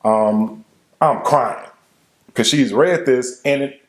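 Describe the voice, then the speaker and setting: A young adult man telling the story of his relationship in casual speech, emotional and halting, with frequent restarts. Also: medium pitch, echoey room. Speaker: co-host telling a couple's story.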